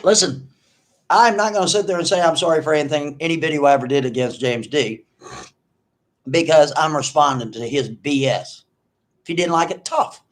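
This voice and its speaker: A middle-aged man ranting in a commentary vlog, animated and mocking. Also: on the high side, a little fast. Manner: animated, mocking, mimics others in exaggerated voices. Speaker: online video commentator.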